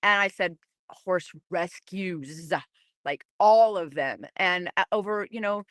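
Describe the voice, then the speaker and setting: A woman's voice: fairly low pitch, takes it slowly, dry recording, clean studio sound. A middle-aged woman telling her story in a casual, chatty way, full of fillers and restarts, acting out the voices of people she quotes. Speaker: podcast host and horse programs founder.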